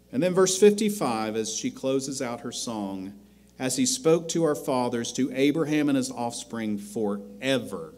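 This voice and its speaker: Slow, deliberate male preacher. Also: mid-range voice, lively intonation. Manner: slow, deliberate preaching that swells loud on scripture. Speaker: pastor. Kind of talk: sermon. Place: church sanctuary.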